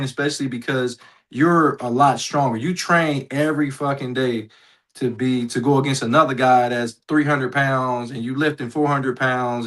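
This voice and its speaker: A man's voice: mid-range voice, a bit bright, low-quality recording. A man co-hosting a sports podcast, reading out listener comments and answering them in a blunt, plainspoken way. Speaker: podcast co-host. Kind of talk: casual sports talk.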